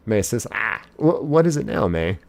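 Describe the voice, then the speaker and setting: A man streaming a game live, casually reading his chat's messages aloud in a playful, excitable way. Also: fairly low pitch, gravelly. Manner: reads chat messages aloud in quick succession, playful and excitable; casual, uses "y'all". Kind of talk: live gaming stream chat.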